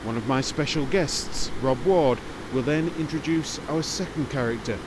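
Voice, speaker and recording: A man hosting a podcast in measured, explanatory scripted narration. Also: mid-range voice, noisy background. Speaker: podcast host. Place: large circular museum room. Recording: reverberant space.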